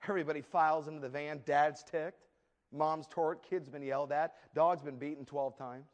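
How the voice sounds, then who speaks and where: A man's voice: fairly high pitch, normal speed. A man pastor giving a sermon, telling humorous stories and acting out the scenes. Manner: humorous storytelling, lively acted asides.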